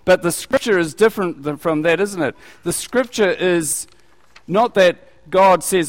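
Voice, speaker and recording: A man with a slightly raised voice teaches from the Bible in a relaxed, conversational way, putting questions to his listeners. His voice carries a long reverberation from the hall around him. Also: high-pitched, a little slow. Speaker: preacher.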